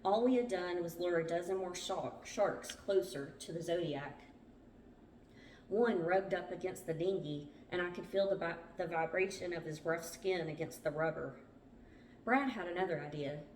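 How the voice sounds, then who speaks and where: Reading a survival memoir to her book club, a woman tells the story plainly and stumbles a little along the way. She has a lowish, darkish voice at a moderate pace, with a little hiss or hum, and she sounds distant from the mic in a roomy space.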